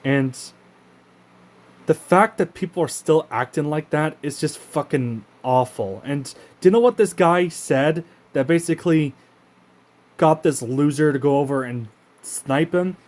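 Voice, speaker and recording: Ranting to camera on his own channel, this Canadian host sounds indignant and swears freely, stopping often and starting his sentences over. He speaks a bit slowly in a somewhat high, slightly mellow voice.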